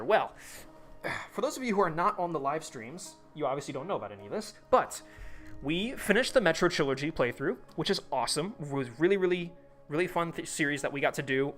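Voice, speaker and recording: A man's voice: on the high side, a bit bright. A man hosting a live stream, chatting casually and rambling with lots of fillers and restarts.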